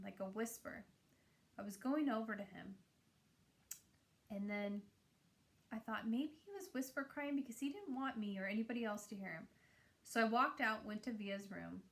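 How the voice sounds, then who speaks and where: A woman's voice: medium pitch, creaky, fairly bright tone. A woman reading a novel aloud. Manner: plain, earnest reading with small slips and restarts. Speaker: reader.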